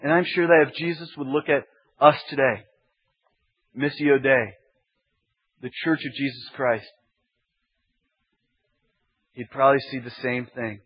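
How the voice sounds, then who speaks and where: A man's voice: mid-range voice, fairly even intonation, measured pace, long pauses, breathy edge. A man preaching as a pastor, teaching emphatically with building repetition. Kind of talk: expository sermon. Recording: dull lo-fi sermon recording.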